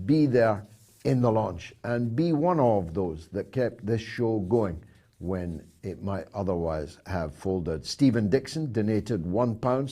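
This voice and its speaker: A man hosting a talk show, reading out poll results and donations with dry, measured asides. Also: medium pitch, warm tone.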